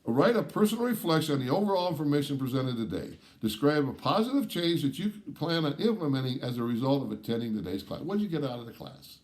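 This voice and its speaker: A man with a fairly high speaking voice lays out the course requirements for his students one step at a time. He stresses the words that matter and keeps checking in with a quick "all right?". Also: expressive, darkish tone. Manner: emphatic, stresses key words. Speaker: course instructor.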